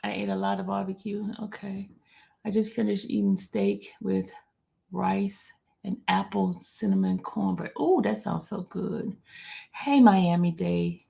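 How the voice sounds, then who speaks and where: A woman's voice: medium pitch, lively intonation, measured pace, gravelly, mellow. A woman hosting a casual livestream chat, teasing and repeating herself as she reads out viewer comments. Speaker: livestream host.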